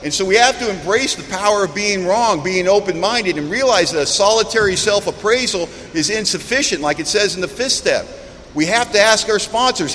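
A middle-aged man with a high voice stands before a recovery meeting and tells his own story, animated and quick to poke fun at himself. His words ring out with a long reverb in a large hall, and a faint background hum sits under him. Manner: animated, self-mocking storyteller. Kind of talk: personal storytelling talk.

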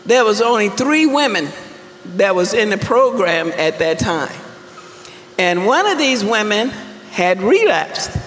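A woman sharing her recovery story at a fellowship meeting, telling it with wry, deliberate humor. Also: mid-range voice, very animated, slight background noise. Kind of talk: personal testimony talk. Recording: echoey hall with long reverb and faint room ambience.

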